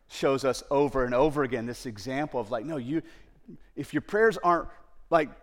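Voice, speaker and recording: A man preaching a sermon as a pastor, in a relaxed conversational way with frequent fillers and sudden emphatic rises on key phrases. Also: medium pitch.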